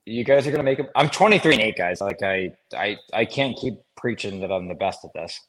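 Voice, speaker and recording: A man's voice: fairly low pitch, expressive, a little fast, a bit bright, rough recording. A man co-hosting a hockey podcast in casual chat, joking and self-deprecating and laughing often. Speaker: podcast co-host, former hockey player.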